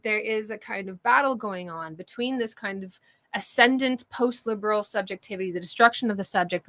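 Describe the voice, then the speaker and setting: A middle-aged woman co-hosts a casual political chat show, speaking animatedly, laughing often and swearing now and then. Her pitch is medium, and there's no echo.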